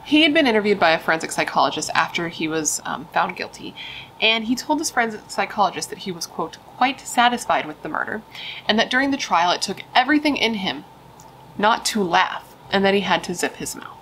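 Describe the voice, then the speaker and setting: Chatty young woman with a bright voice. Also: mid-range voice, animated, a little fast, slight background noise, poor audio. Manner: chatty, emphatic, swears, says dude and like. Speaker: true crime host. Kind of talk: casual true crime storytelling.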